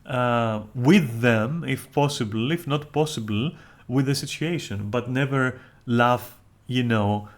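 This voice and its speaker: A man's voice: mid-range voice, slow pace. A man streamer in casual, rambling chat, candid and profane, often restarting his sentences.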